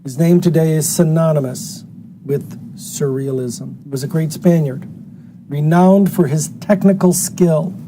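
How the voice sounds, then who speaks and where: A man's voice: on the high side, mellow, a little hiss or hum. A man hosting a live TV art auction in a studio, chatting, joking and repeating words as he sells. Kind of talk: live auction sales patter.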